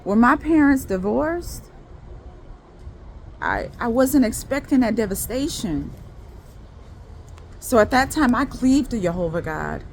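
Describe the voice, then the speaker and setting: A woman's voice: fairly high pitch, lively intonation, slow pace, vocal fry, pauses often, darkish tone, slight background noise. A woman telling a personal faith testimony straight to her viewers in casual talk, rambling, restarting and repeating words as she goes. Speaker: faith video creator.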